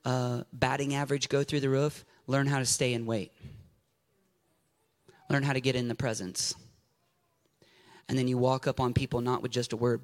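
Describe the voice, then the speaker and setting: A man preaching a sermon, building to shouted passion and then easing into quiet storytelling. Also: medium pitch.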